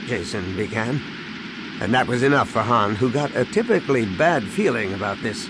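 A man narrating a science-fiction audiobook with a dramatic, expressive reading. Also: fairly low pitch, moderate pace, heavy background noise. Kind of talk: scripted narration. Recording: music clearly behind.

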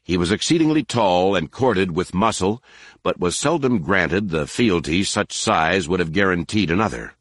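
Deep-voiced male audiobook narrator. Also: animated, moderate pace, fairly bright tone, dry recording, clean studio sound. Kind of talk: scripted narration.

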